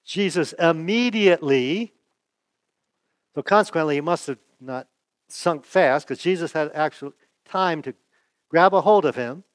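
A man preaching a sermon in a relaxed, conversational way, asking his listeners rhetorical questions. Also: fairly high pitch, unhurried, pauses often, no echo. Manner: asks the audience rhetorical questions; folksy, chuckles and restarts. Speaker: pastor.

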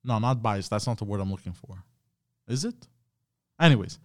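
At a normal speed, a man with a fairly low, animated and slightly mellow voice speaks in a studio-quality recording without room sound. He's live streaming, tossing out a profane, rambling, casual rant directed at his chat.

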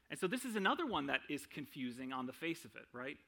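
This young preacher's sermon runs fast with hardly a pause, his fairly high voice swinging widely in pitch and catching in vocal fry. The tone is bright and forceful, and he keeps it chatty, tossing in "right?" often and poking fun at himself.

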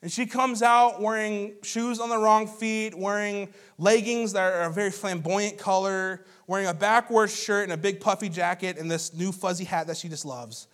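A man in his thirties preaching a sermon as a pastor, telling stories in a lively, conversational way with asides to the congregation. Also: high voice, normal speed, hardly any pauses.

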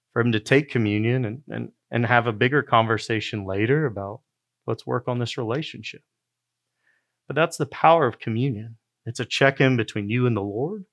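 A middle-aged man, a pastor, preaching a sermon in a relaxed, storytelling way. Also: medium pitch, gravelly. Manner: conversational storytelling preaching, with quoted asides.

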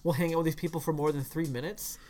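A man co-hosting a podcast, talking casually about a film in long, animated runs full of "like.". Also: a little high, fast. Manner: animated, slips into mock voices to quote characters; talks in long runs with many "like" fillers. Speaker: podcast co-host.

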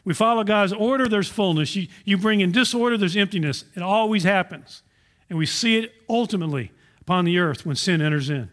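A man delivers a sermon with a fairly high-pitched voice. He preaches earnestly and keeps asking the congregation rhetorical questions. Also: fairly quick, a bit bright. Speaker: pastor.

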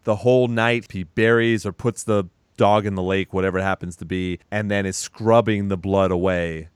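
Low, smooth-voiced man recapping a film. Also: moderate pace, no room sound, studio quality. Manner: profane, animated retelling with acted quotes. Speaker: podcast co-host. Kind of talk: casual movie recap chat.

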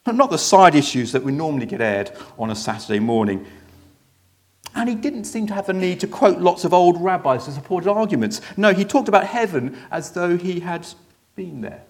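A preacher playing a gravelly churchgoing eyewitness. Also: male voice, sits high, lively intonation, brisk. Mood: storytelling. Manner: chatty storyteller, hesitant restarts. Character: ordinary man in the congregation, a jaded sermon-dozer left amazed. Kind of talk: first-person dramatic monologue in a sermon.

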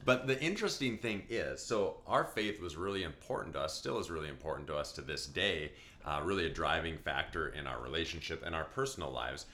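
Deep, bright-toned podcast man. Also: animated. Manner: easygoing, joking, with quick laughs. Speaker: podcast co-host. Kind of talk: casual chat.

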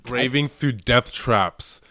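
A man co-hosting a podcast in casual chat, enthusiastic and quick to laugh, swearing casually. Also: medium pitch, bright, forceful tone, no room sound, studio quality. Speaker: podcast co-host.

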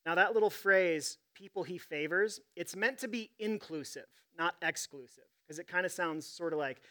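A man's voice: sits high, normal speed, bright, forceful tone. A man preaching a sermon as pastor, reading scripture and telling stories in a conversational, humorous way.

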